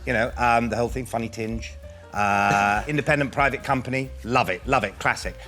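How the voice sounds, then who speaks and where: A man doing an impression of a former prime minister, chummy and halting, full of "mate" and hesitations. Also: mid-range voice, steady tone, pushed and bright, faint music behind, lightly acted.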